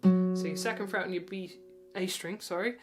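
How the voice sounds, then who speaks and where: A woman teaching guitar online, talking warmly and counting the beats aloud while she plays. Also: mid-range voice, steady tone, normal speed. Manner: encouraging, counts aloud, chuckles at herself. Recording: loud guitar under the voice. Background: guitar playing.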